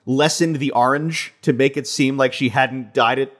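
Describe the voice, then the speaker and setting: A man's voice: mid-range voice, fairly even intonation, moderate pace, a bit bright. A man co-hosting a podcast, chatting about wrestling in a loose, rambling way with lots of filler words. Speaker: podcast co-host. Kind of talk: casual wrestling chat.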